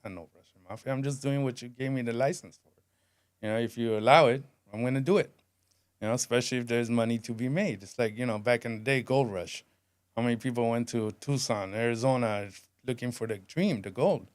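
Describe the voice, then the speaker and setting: Smooth-voiced man telling a raw story. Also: brisk, no room sound, studio quality. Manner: candid, street-style talk, drops low when heavy. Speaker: podcast guest. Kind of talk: emotional storytelling.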